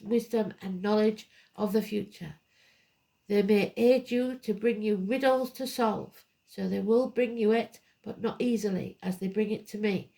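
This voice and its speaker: A woman's voice: medium pitch, creaky, darkish tone. A woman giving a live tarot card reading, blunt and emphatic, drifting into rambling asides. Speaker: tarot reader.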